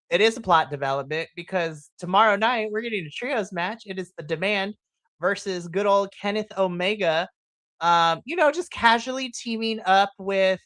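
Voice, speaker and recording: A woman co-hosting a wrestling podcast, talking in an animated, playful way with frequent laughter. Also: fairly low pitch, moderate pace, no echo. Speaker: podcast co-host. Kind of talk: casual wrestling chat.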